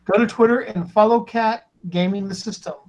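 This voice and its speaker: A man with a high voice hosts a casual live drawing stream. He reads the chat aloud in a loose, chuckling way and trips over the usernames. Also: fairly even intonation, moderate pace, darkish tone, poor audio. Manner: reads viewer comments aloud, chuckling, stumbling over names.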